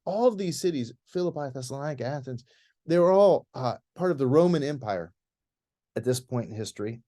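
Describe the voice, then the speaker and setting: A man giving an informal, conversational presentation to a church group about a planned trip, leading it as clergy. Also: medium pitch. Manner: relaxed, conversational with many restarts. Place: church hall.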